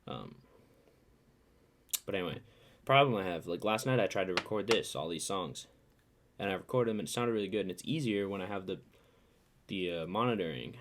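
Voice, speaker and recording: A man's voice: sits low, lively intonation, brisk, pauses often, a little hiss or hum. A man, a singer-songwriter, chatting casually between songs into his own studio microphone, rambling and correcting himself as he goes. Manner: rambling, self-correcting, trailing off into mumbled asides. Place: indoors, dry-sounding room. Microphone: own studio microphone, headphones on. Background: acoustic guitar.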